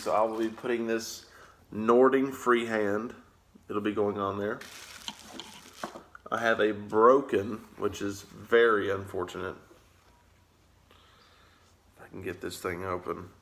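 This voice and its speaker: A man's voice: lowish voice, steady tone, a little slow, a little hiss or hum. A man with a Southern US accent chatting casually in an easygoing, rambling way, with plenty of filler words. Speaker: pipe-smoking vlogger. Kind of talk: casual chat.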